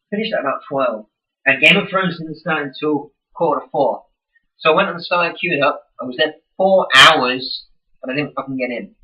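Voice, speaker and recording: Young man, exasperated sweary vlogger, bright, sharp voice, set back from the mic. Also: a little high, far from the mic, low-quality recording. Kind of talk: casual ranting vlog.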